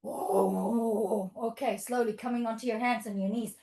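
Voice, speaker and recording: A woman teaching a children's yoga class, leading a playful toddler session in a sing-song, animated way with animal noises. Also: on the high side, fast talker. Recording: echoey room.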